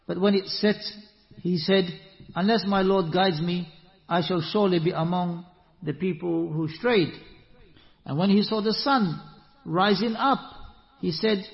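High-voiced man teaching in an echoey hall. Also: normal speed. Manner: animated, with rising rhetorical questions. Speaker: Islamic teacher. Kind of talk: religious lesson with Quran recitation. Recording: echoey hall, muffled lo-fi sound.

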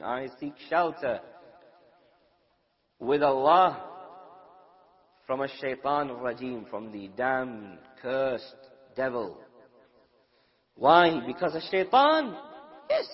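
A man's voice: medium pitch, animated, takes it slowly, pauses often, in a large hall. A man from the UK giving an Islamic lecture, asking his audience questions and acting out everyday quarrels. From United Kingdom. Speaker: Islamic preacher. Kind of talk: religious lecture to a live audience. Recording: dull lo-fi recording.

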